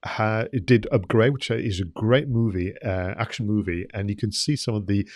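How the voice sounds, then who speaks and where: A man co-hosting a podcast, talking through a film in a measured way with many hesitations. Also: fairly low pitch, a little mellow, no echo, clean studio sound. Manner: measured, with many ums and uhs. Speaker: podcast co-host. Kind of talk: casual film review chat.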